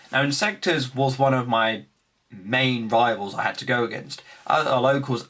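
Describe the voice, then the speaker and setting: A young man casually recapping his card game tournament, animated, acting out his opponents' remarks. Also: mid-range voice. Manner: animated storytelling, acts out opponents' lines.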